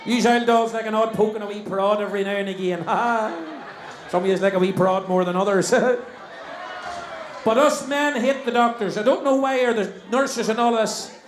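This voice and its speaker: Cheeky high-voiced Northern Irish compere. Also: male voice, moderate pace. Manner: cheeky, banters with the audience. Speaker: show compere. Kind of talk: live stand-up compering. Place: stage in a hall before a live audience. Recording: echoey hall, faint crowd and noise.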